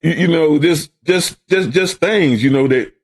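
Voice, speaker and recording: In a slightly high, unhurried voice with a breathy edge, an older Brooklyn native shares stories as a guest on his child's podcast. The talk is casual, and he frequently repeats words and mimics the voices of people he quotes.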